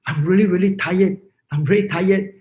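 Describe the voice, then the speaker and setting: A man's voice: sits high, fairly even intonation, normal speed, a little mellow, reverberant, lightly acted. A man with a Vietnamese accent voicing a fat frog that is worn out and keeps complaining that it cannot go on. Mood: tired. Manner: weary, complaining repetition.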